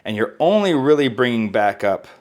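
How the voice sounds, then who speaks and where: A man's voice: mid-range voice, big pitch swings, moderate pace, a little mellow. A young adult man hosting a casual cooking demonstration in a home kitchen, chatty and self-deprecating as he explains knife skills. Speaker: cooking channel host.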